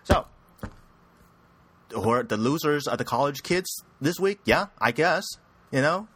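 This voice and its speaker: A young man talks through anime news in a loose, rambling way, jumping around in pitch with a bright, forward tone. He's crude and self-mocking, and the recording is close and dry, with no room sound. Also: lively intonation, measured pace, husky, dry recording. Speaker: podcast host. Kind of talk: casual anime news commentary.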